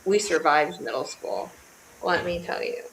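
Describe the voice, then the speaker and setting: A woman's voice: deep voice, a little slow, creaky, fairly bright tone, a little hiss or hum, low-quality recording. Chatty middle-aged woman, hesitant fillers. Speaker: guest caller. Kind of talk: casual chat.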